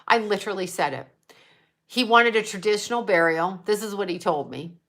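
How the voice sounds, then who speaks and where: On her psychic medium livestream, a middle-aged American woman speaks directly to viewers, telling a personal story with strong feeling as she rambles from point to point. Her mid-range voice is bright and clear, and she talks a little fast.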